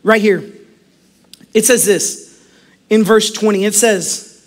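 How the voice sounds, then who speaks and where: High-pitched guy preaching, lively, laughs a lot, middle-aged pastor vibe. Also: measured pace, long pauses. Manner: animated, acts out quotes, laughs often. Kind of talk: sermon.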